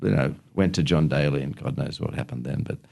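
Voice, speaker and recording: A man's voice: a bass voice, brisk, creaky, darkish tone. A man who is a film director, guest on a casual podcast, telling rambling anecdotes with a chuckle.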